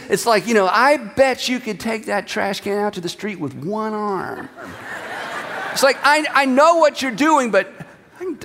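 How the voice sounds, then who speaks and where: A man's voice: high voice, a bit bright, in a large hall. A man preaching a sermon, reading scripture aloud with dramatic emphasis. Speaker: pastor.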